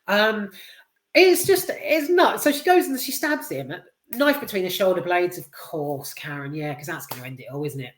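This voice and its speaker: A man's voice: high-pitched, lively intonation, normal speed, fairly bright tone. Rambling British man in a roomy echo. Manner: rambling and candid, swears freely, many fillers. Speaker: film reviewer. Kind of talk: casual spoken film review.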